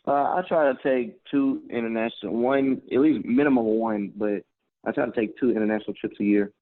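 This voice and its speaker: A man's voice: medium pitch, fairly quick, no room sound. Laid-back storytelling man on a narrow line. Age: 20s. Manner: laid-back, chatty, full of "man" and "you know". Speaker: guest. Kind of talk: casual storytelling interview. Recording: phone-like narrow band.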